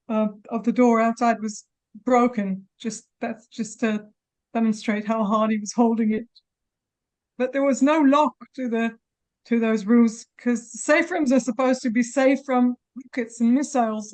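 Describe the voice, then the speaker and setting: Woman around 40s choking back tears, pitchy voice, stops and restarts a lot. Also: darkish tone. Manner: halting, with many restarts. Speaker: press conference speaker. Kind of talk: emotional testimony.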